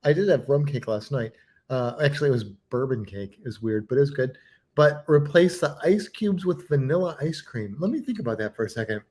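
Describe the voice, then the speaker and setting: A man's voice: medium pitch, expressive, brisk, a little mellow. A man co-hosting a casual birthday livestream, joking around, laughing often and slipping into playful put-on accents. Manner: frequent laughter, repeats others' words. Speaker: livestream co-host.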